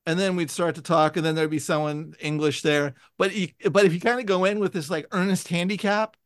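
A man from San Francisco chatting casually, telling lively stories and acting out what people said. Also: high voice, brisk, no room sound, clean studio sound. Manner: animated storyteller, acts out quotes in raised voices. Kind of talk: casual chat.

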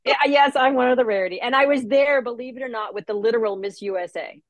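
Wry woman, quick to laugh. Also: on the high side, no echo. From Los Angeles. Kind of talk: casual chat.

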